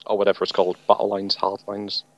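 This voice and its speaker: A man's voice: on the low side, monotone, quick pace, no room sound, muffled recording. A man hosting a podcast, chatting casually in a wry, jokey way. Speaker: podcast host. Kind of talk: casual chat.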